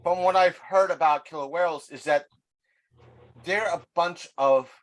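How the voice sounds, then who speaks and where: A man's voice: a little high, unhurried. A man co-hosting a podcast, telling rambling anecdotes in casual chat. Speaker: podcast co-host.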